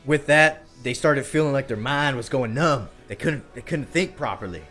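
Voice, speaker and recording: A man's voice: mid-range voice, a bit bright, soft background music. Folksy man telling a country-style tale. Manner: folksy, drawn-out, checks in with "all right?". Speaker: podcast co-host. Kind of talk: country storytelling.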